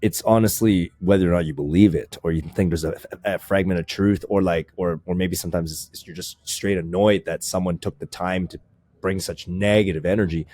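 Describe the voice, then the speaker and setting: A man's voice: deep voice, steady tone, fairly quick, warm tone. A man hosting a podcast in casual chat, rambling, swearing freely and restarting his sentences often. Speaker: podcast host.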